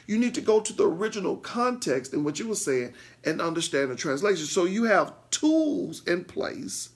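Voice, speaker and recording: A man's voice: moderate pace, few pauses, slightly rough. A man, a pastor, teaching a Bible lesson with emphatic repeats and frequent "okay?" check-ins to his listeners. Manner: animated, swings between loud bursts and low asides.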